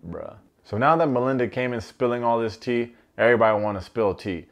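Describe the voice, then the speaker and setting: A man recapping a reality show in a comedic commentary style, animated and slangy with joking asides. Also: mid-range voice, a little fast, few pauses.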